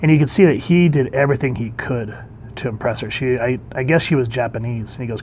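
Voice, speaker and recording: A man's voice: mid-range voice, fast, darkish tone, a little hiss or hum. Enthusiastic man reviewing comics. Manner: enthusiastic, conversational with frequent fillers. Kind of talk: casual commentary.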